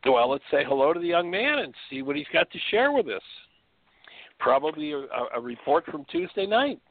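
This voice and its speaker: A man hosts a spiritual teaching show on the radio, phoning in from his bedroom and speaking with earnest rhetorical questions. His fairly high voice swings widely in pitch at a normal pace, and the phone-line audio carries no room sound.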